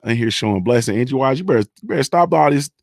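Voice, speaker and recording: A young adult livestream host speaks very fast in a mid-range voice with lively intonation and vocal fry, captured in dry, studio-quality sound. He reads chat, curses, repeats himself emphatically, and keeps asking viewers "you understand."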